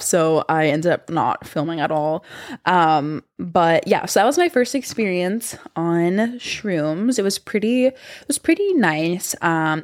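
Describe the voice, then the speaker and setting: Young woman podcast host, casual storyteller, rambling and chatty, lower voice, dead-dry room. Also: no room sound. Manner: chatty, heavy use of "like".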